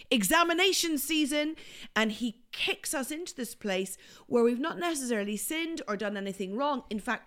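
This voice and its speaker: A woman with a Northern Irish accent hosting a faith podcast in casual chat, lively and playful as she teaches. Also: fairly high pitch. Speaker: podcast host. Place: home office at a table. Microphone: studio microphone.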